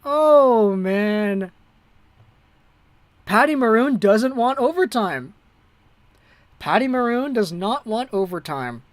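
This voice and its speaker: An amateur livestream host calling a hockey game play by play, excitable and breathless. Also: mid-range voice, measured pace, dry recording.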